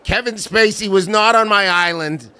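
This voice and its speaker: A man's voice: high-pitched, moderate pace, sharp tone, clear, resonant tone. A man putting on a smarmy middle-aged tycoon who rambles through mock-earnest denials in a comic impression. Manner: rambling, mock-earnest denials with bursts of silly character voices.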